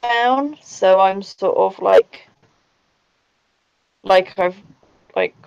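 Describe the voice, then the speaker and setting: A woman's voice: mid-range voice, drawn-out words, gravelly, a little mellow, smooth, lo-fi sound. A woman playing in a tabletop game, speaking hesitantly and unsure of the rules. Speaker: player. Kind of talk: casual game chat.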